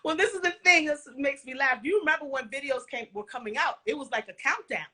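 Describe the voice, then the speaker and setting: Interview guest, woman, higher pitch and bright tone, animated storyteller with casual slang. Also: fast talker. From Caribbean and Central American family background. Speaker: guest, former music video dancer.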